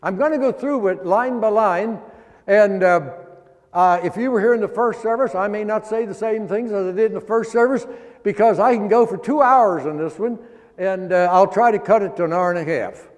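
Man preaching in a reverberant church. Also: high-pitched. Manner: folksy, drawn-out emphasis on key words. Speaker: pastor. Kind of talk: sermon. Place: church sanctuary.

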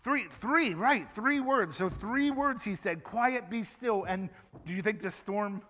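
A man giving a lively children's sermon in church, asking the children questions and acting out the story for them. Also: high voice, a little slow, big-room sound. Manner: animated, asks the children questions. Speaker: children's pastor.

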